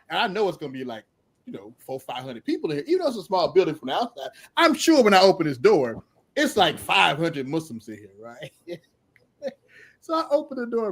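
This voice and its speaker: Animated man telling a story, laughing. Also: high voice, brisk. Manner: lively, laughs often, acts out voices in his story. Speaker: podcast guest telling his testimony.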